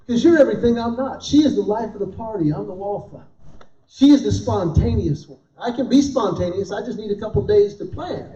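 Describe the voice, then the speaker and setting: A male comedian tells animated stories to a live audience and plays out both sides of each conversation. His voice is high but mellow. He is picked up from a distance in an echoey hall, and the sound is dull and lo-fi. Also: brisk. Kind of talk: stand-up comedy with a faith message. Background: audience laughter.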